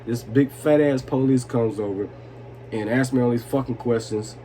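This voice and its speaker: A young man, a few vodkas in, tells a rambling vlog story full of swearing and laughter. His voice sits at an ordinary middle pitch. A faint hiss of noise runs underneath. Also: brisk, darkish tone. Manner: loose, swearing, laughing, asks "you know what I'm saying". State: tipsy from vodka. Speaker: vlogger telling a story. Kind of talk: drunk storytime, casual and profane.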